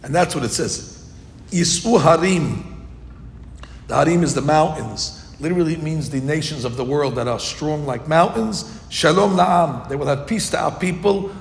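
A man giving an informal Torah class, telling the story lively acted-out voices. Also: a little high, a little fast, gravelly. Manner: animated storytelling, acting out quoted voices. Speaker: Torah teacher. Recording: echoey hall with faint noise.

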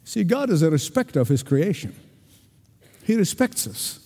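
Man, pastor, sermon, high animated voice, emphatic pauses, reverberant church hall. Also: breathy edge. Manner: emphatic preaching with dramatic pauses.

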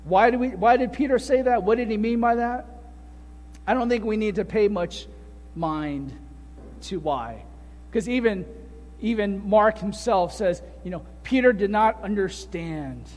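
Male pastor, very high voice, animated storytelling sermon, heard in a reverberant hall. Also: a little slow. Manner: animated storytelling with rhetorical questions.

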